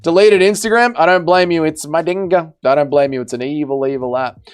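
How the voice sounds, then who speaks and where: A man's voice: a little high, brisk, clean tone. A man hosting a livestream, casually reading out chat with blunt, swearing jokes. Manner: joking, blunt, swears, trails off quietly. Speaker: livestream host.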